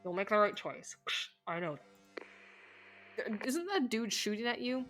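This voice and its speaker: A woman's voice: medium pitch, very animated, measured pace, a bit bright, faint music behind. A woman streamer reading a game's dialogue and narration aloud during a live playthrough, cursing and laughing at the story as she goes. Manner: reads all game text aloud, swearing and laughing at the story.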